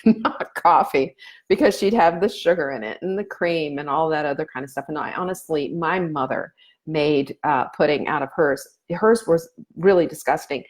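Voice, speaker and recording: A middle-aged woman hosting a casual live stream, giving earnest, motherly advice with frequent fillers. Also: lowish voice. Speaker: nutrition coach host.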